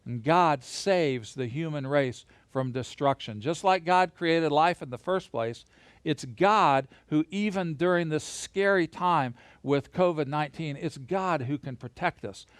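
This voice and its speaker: Animated man teaching to camera. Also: on the high side, measured pace, dry recording. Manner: animated, playful, leads hand motions. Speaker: Bible teacher. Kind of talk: recorded Bible lesson to camera. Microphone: camera mic.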